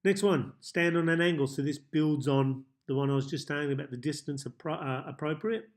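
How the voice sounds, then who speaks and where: A man coaching viewers in a self-help tips monologue, speaking calmly and measuredly with deliberate pauses. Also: fairly high pitch. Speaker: life coach.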